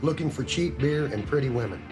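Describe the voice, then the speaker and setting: A man's voice: medium pitch, expressive, brisk, rough recording. A man giving scripted documentary narration in a matter-of-fact storytelling manner. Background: loud music.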